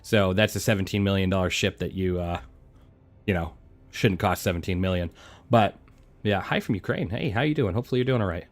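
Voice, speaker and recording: Laid-back low-voiced male game streamer. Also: fairly quick. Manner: relaxed, chatty, answers chat between flying. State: chewing a throat lozenge. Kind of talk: casual live-stream chat.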